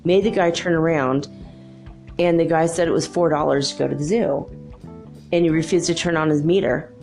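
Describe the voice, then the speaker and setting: A woman's voice: deep voice, fairly even intonation, normal speed, creaky, darkish tone, faint music behind. A middle-aged woman hosting a spiritual podcast, chatting and rambling through stories and laughing often. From United States. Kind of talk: casual spiritual talk.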